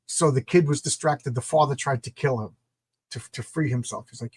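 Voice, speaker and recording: A man's voice: medium pitch, normal speed, breathy edge, dry recording. A middle-aged man reviewing comic books in a casual, enthusiastic, rambling way. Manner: enthusiastic, rambling, repeats words.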